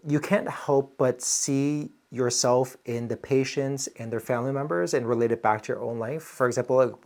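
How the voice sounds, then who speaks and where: A man's voice: mid-range voice, darkish tone. An earnest man in his thirties talks the listener through emergency care, conversational and explanatory. He sounds like a working doctor walking through what he would do on shift. His tone is plain and direct. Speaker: emergency physician. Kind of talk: casual reaction commentary.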